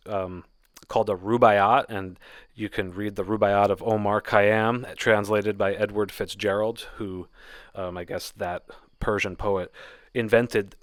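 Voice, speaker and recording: Guy with a lowish voice explaining poetry, laid back, dead dry sound. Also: dry recording. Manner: relaxed, explanatory, with fillers. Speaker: poetry teacher. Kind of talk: casual spoken lesson.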